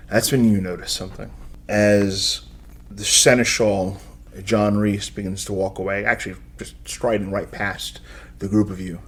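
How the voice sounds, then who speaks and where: A man's voice: on the low side, slightly rough. A man narrating as game master of a tabletop role-playing game, describing scenes with frequent searching for words.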